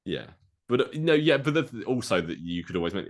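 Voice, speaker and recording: A man co-hosting a podcast, rambling through a movie plot pitch with lots of fillers and acted-out quotes. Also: very animated, fairly quick. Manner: rambling, filler-heavy, acts out quoted lines. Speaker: podcast co-host.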